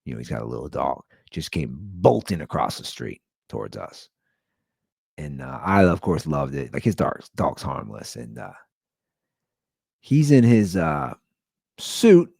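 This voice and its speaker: Low-voiced rambling man in his forties. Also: measured pace, gravelly, slightly rough, no room sound, clean studio sound. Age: 40s. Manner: rambling and animated, with lots of "like". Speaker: podcast host. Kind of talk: comedic storytelling monologue.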